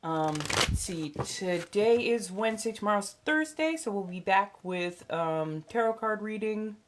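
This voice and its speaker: A woman's voice: mid-range voice, expressive, a little slow. A young adult woman hosting a casual livestream, chatty and blunt, swearing freely and dotting her talk with fillers and laughs. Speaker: livestream host and tarot reader.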